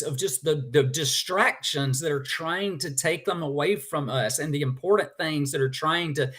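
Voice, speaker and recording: Guest man, slightly high pitch, animated and emotional telling a story. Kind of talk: storytelling in a conversation.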